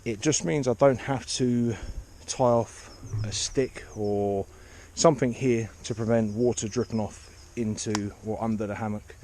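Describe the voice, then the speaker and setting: A man casually explaining a camp setup outdoors in the woods, chatty and relaxed, with frequent fillers. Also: lowish voice, a little slow, few pauses, a little hiss or hum. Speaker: outdoor channel host.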